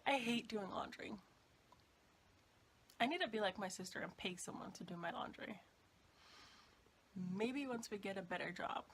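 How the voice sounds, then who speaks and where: A woman's voice: mid-range voice, measured pace, pauses often, breathy edge. Groggy-voiced young woman vlogger. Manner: chatty, rambling, laughs often. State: groggy morning voice. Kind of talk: casual vlog chat.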